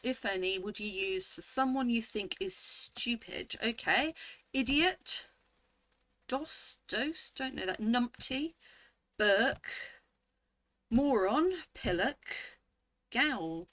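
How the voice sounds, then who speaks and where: A woman in her forties talks slowly and thinks aloud, reading out options and weighing each one. Her voice sits a little high and sounds bright and clear. The sound is dry and close, with no room around it. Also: dry recording. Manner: reads quiz options aloud, muses over each word. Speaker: vlogger.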